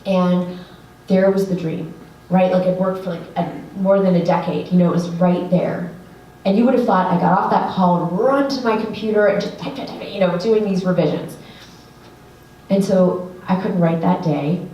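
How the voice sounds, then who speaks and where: A woman writing coach telling an earnest, animated story to an audience, with lots of fillers. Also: fairly low pitch, moderate pace, highs cut off, slight background noise. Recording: echoey room, voice from a distance.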